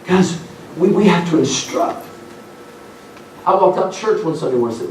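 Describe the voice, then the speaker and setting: A man's voice: fairly high pitch, expressive, moderate pace, darkish tone, a little hiss or hum. A middle-aged man preaching a revival sermon in a folksy storytelling way. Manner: folksy storytelling, acts out voices. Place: church sanctuary. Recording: roomy church hall from a distant mic.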